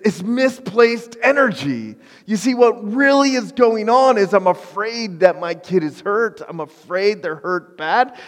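A pastor preaching a conversational, emphatic sermon with self-deprecating humor. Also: male voice, sits high, long reverb tail.

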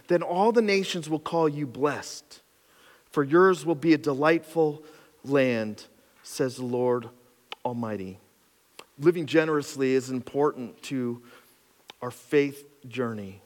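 Emphatic male pastor in a reverberant hall. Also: fairly high pitch. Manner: emphatic, rising to loud passion, with asides and laughs. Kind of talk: sermon. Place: church auditorium.

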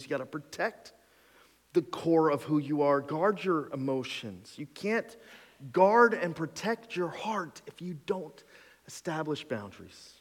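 Bright-voiced male pastor in a reverberant hall. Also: on the high side. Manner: conversational, emphatic, lists numbered points. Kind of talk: sermon.

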